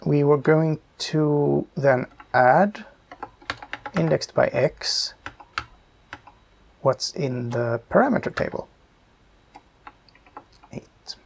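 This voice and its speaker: A man calmly explaining his programming step by step, thinking aloud as he works. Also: on the high side, drawn-out words, gravelly, long pauses, a little hiss or hum. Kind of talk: screen-recorded coding tutorial.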